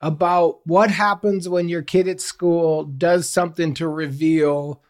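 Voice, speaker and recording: A man's voice: a little high, fairly even intonation. A man co-hosting a call-in podcast, trading jokes and banter with his partner and guests. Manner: jokey, quick to banter. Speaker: podcast co-host. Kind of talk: joking call-in podcast chat.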